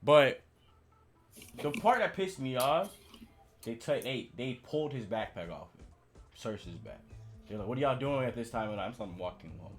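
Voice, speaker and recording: A man's voice: medium pitch, normal speed, pauses often, soft background music. A man co-hosting a podcast, telling a long story in casual chat, with lots of slang and retold dialogue. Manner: storytelling, animated retelling with slang. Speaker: podcast co-host.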